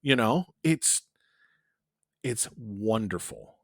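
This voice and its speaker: A man's voice: lowish voice, very animated, very slow, gravelly, no room sound, clean studio sound. A man co-hosting a podcast, chatting enthusiastically about movies, swearing and gushing. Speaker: podcast co-host. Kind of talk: casual chat.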